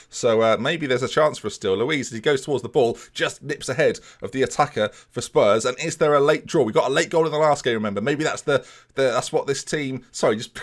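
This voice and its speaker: A man at home, casually commentating a football management game in a jokey, excitable way, talking straight to his viewers. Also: medium pitch. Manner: excitable, jokey, talks to viewers, sudden outbursts. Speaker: gaming video creator. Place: small home room with a fan and softbox light.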